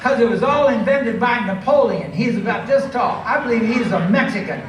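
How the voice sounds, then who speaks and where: An American man performing a live stand-up routine, drawing out his words and breaking into shouts. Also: very high-pitched. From United States. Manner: drawn-out, emphatic delivery, bursts of shouting. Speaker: stand-up comedian. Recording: echoey venue, mic from a distance, ambient noise.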